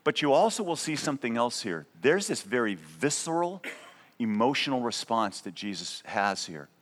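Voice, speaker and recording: A man's voice: medium pitch, sing-song, moderate pace. A man preaching a sermon as pastor, conversational and emphatic, often checking in with a "right?". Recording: long reverb of a large hall.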